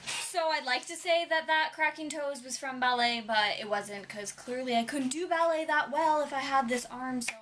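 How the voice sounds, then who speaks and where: A woman's voice: high voice, moderate pace, fairly bright tone, a little hiss or hum. A young woman chatting casually to her camera at home, rambling with lots of "um" and "like". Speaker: vlogger.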